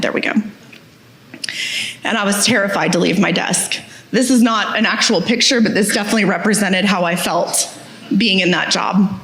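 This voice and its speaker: A woman giving a candid, self-deprecating talk on stage, telling her story with humor. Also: mid-range voice. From Texas. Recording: echoey hall.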